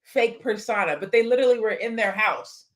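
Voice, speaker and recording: A woman co-hosting a casual chat, conversational and relaxed, closing out with announcements. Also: mid-range voice, fairly quick. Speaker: co-host.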